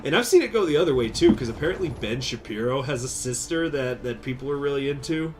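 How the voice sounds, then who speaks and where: A man streaming a strategy game, chatting casually with viewers, rambling, laughing and jumping into high excited bursts. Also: quick pace, faint music behind. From United States. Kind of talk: casual game commentary with chat.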